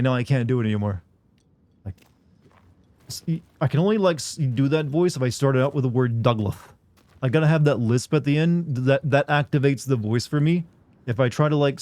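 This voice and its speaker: A man's voice: mid-range voice, darkish tone, no room sound. A young man who streams games and rambles and jokes casually with his viewers. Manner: rambling, joking, chats with viewers. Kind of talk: casual live-stream chatter.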